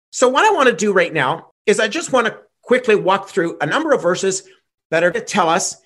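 A man's voice: sits high, a bit bright. A man preaching a gospel sermon, earnest and emphatic, repeating key phrases for weight.

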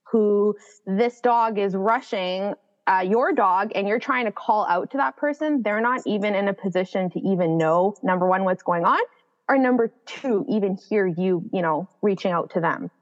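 A woman's voice: mid-range voice, moderate pace. A woman dog trainer in casual podcast chat, explaining her views at length with fillers. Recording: dull, reverberant recording.

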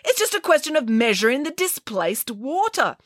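An excitable, scatterbrained ancient scientist, voiced by a woman reading a storybook, squealing in a much higher voice than the narration. She swoops wildly up and down in pitch and sounds breathless with excitement. The recording is close and dry. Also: normal speed, no echo. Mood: excited.

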